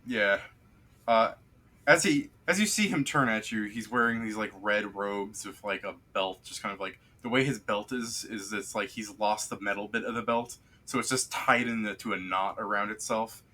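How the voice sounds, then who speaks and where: A man's voice: fairly low pitch, moderate pace, sharp tone. A man narrating a tabletop game as game master, describing scenes in a rambling way full of fillers.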